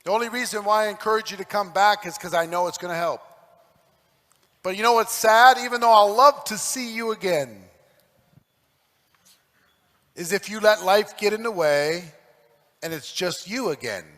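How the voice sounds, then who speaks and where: A man delivers a stage talk as a motivational speaker, preachy and emphatic, pushing up into shouts. His voice sits high and rings sharp and forceful. The recording carries a long, echoey hall tail. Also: moderate pace, long pauses. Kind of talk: stage talk to a live audience.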